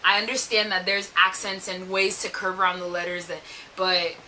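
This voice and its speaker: A woman's voice: on the low side, level tone, normal speed, sharp tone. A young American woman co-hosting a podcast, telling stories in casual chat, laughing often and mimicking the voices of others. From United States. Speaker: podcast co-host. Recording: faint hiss.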